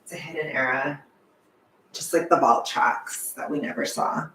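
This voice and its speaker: A young man chatting casually on a livestream, animated and chatty, sometimes swearing, laughing often, heard from a distance. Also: on the high side, normal speed, slight background noise. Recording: echoey room, away from the mic.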